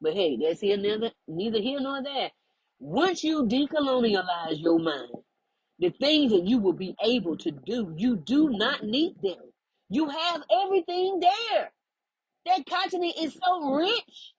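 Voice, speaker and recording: A woman's voice: high-pitched, expressive, unhurried, low-quality recording. A woman, speaking as a spiritual life coach in an emphatic, preachy monologue. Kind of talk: direct-to-camera monologue.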